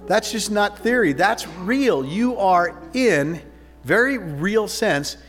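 A man preaching a conversational communion sermon, telling the story with animated asides. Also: sits high, slow. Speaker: pastor. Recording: reverberant hall with faint music.

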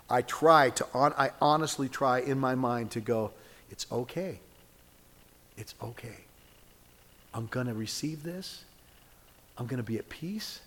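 A male pastor delivers a sermon at a middle pitch, his voice trailing a long reverb through a church sanctuary. He talks conversationally, teasing listeners by name, then rises to fervent calls and prays. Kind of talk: sermon with closing prayer.

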